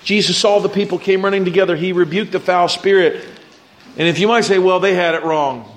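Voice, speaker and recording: High-voiced man preaching a sermon. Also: steady tone, a little fast. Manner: conversational preaching, reads scripture aloud, frequent restarts. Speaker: pastor.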